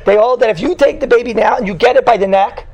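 A man's voice: extremely high pitch, quick pace, gravelly, darkish tone, dull audio. A man teaching a Torah class to a live group in a teasing, conversational way, telling stories and constantly checking in with "right?". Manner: tells stories, mixes in Hebrew and Yiddish terms.

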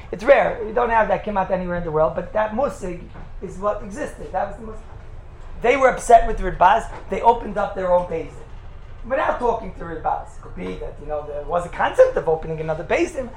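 A man who teaches in a yeshiva, telling stories in a lively talk and acting out the quotes. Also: high-pitched. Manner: animated, acts out the quotes in his stories. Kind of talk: storytelling talk. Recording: echoey room with faint background noise.

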